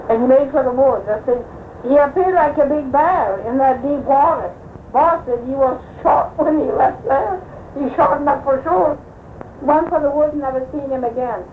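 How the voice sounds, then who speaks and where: Older woman, high voice, meandering storyteller who performs the dialogue; echoey archival room tape. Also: phone-quality sound, slight background noise. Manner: rambling anecdotal telling, acting out quoted speech. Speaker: oral history interviewee. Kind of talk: recounting old personal stories.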